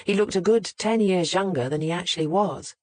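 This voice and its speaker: Audiobook narrator, mid-pitched, measured scripted reading, close dry mic. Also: a little mellow, dry recording.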